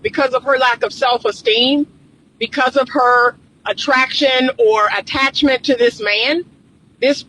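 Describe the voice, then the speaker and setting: A woman's voice: on the high side, bright, forceful tone, slight background noise, rough recording. A woman relationship coach giving reaction commentary, emphatic and lecturing, repeating her points.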